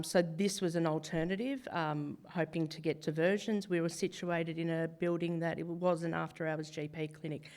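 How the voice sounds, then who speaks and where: An Australian woman with a croaky, hoarse voice giving a chatty talk about a community mental health service at a church event. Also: lowish voice, a little mellow. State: hoarse from cheering. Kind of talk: informal presentation.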